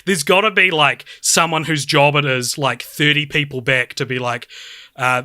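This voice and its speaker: Man, casual film chat, excitable, laughing, high-ish bright voice, dry sound. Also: normal speed, no echo. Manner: excitable, laughing, heavy use of "like". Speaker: podcast co-host.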